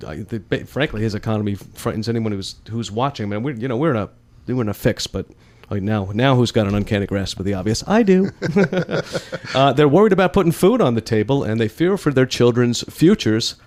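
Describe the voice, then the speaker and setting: A man hosts a political talk show, wry and folksy, running through his points with a recurring catchphrase and chuckling at his own jokes. His medium-pitched, slightly mellow voice is fairly quick with lively intonation.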